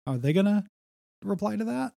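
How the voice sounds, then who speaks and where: Gravelly laid-back man chatting comics. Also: high voice, animated, moderate pace, dark tone, no room sound, studio quality. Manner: laid-back, rambling with many fillers. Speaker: podcast co-host. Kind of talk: casual comic book discussion.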